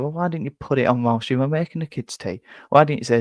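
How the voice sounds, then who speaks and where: Reading viewer comments on a fan live stream, a young host rambles casually, cutting himself off and repeating words as he restarts them. His mid-range, slightly mellow voice moves fast with hardly any pauses, and the recording is dry.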